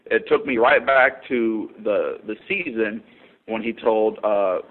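A man's voice: fairly low pitch, slow. Dry-witted man on a tinny line. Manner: dry, acts out quotes in mock voices. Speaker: podcast co-host. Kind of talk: casual fight recap chat. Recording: tinny phone-like audio.

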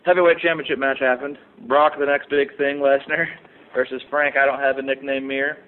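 A man recapping fights in a loose, chatty podcast, breaking into laughter and putting on brief joking voices for the people he talks about. His voice sits at an ordinary pitch for a man. The audio is thin and tinny, like a phone line. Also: level tone, slight background noise. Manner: laughs often, does quick mock impressions. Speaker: podcast co-host. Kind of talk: casual fight recap chat.

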